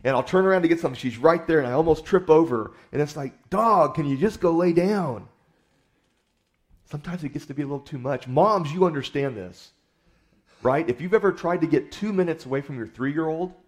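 A male pastor giving a sermon in a folksy, conversational storytelling manner, often repeating his words as he goes. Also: fairly high pitch.

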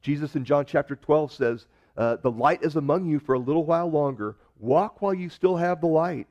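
A man preaching a sermon in a conversational way, acting out the quoted lines with sudden shifts in loudness and tone. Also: fairly high pitch, a little fast, lo-fi sound. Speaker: pastor.

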